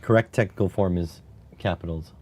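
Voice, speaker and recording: A man streaming live, chatting casually and musing aloud in a wry, unhurried way as he types. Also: sits low, darkish tone, breathy edge. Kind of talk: casual live-stream chat while typing.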